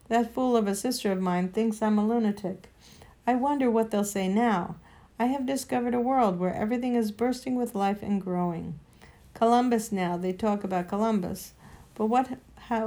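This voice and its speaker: A woman's voice: on the high side, normal speed, warm tone, close to an everyday voice. Woman doing a pompous greedy old uncle from a storybook, blustery and gloating.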